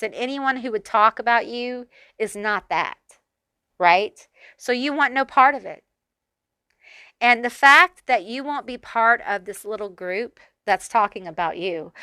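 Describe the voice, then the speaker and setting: A chatty middle-aged woman gives a casual tarot reading to her viewers, bubbly and full of fillers. Her voice is bright and crisp, a little high for a woman. The sound is dry and close. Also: dry recording. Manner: chatty, bubbly, with lots of fillers like "like" and "you know". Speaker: tarot reader. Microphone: corded mic.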